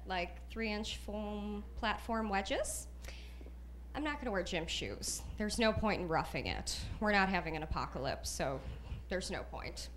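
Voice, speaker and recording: A woman's voice: mid-range voice, a bit bright, a little hiss or hum. A woman doing a stand-up routine on a comedy club stage into a handheld mic, delivering sassy, ironic one-liners.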